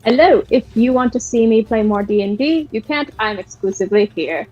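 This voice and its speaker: A woman's voice: fairly high pitch, fairly quick, darkish tone. A woman who plays in a tabletop game stream, chatting in a bubbly, enthusiastic way as she plugs her channels. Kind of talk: casual chat, plugging her channels. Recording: muffled lo-fi mic.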